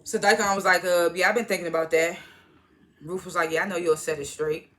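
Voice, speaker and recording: A woman's voice: lowish voice, fairly even intonation, fairly quick, fairly bright tone. A woman casually recapping a TV episode, retelling scenes by quoting each character in turn and laughing at them. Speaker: TV show reviewer.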